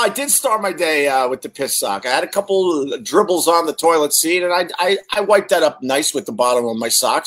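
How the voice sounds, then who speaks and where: A man hosting a casual livestream, chatting to viewers and reading their comments, joking crudely and swearing often. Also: on the high side.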